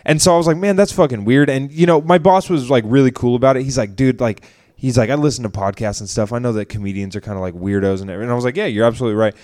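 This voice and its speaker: A man's voice: mid-range voice, rapid-fire. Young man telling a rambling story. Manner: rambling, animated retelling with quoted voices. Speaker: podcast co-host. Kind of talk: casual storytelling chat.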